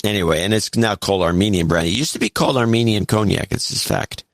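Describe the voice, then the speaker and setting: A man co-hosting a talk podcast, reading out listener notes with wry asides. His voice sits fairly low and is recorded very dry and close, with no room sound at all. He breaks off the notes to banter in a deadpan way. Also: quick pace, dry recording.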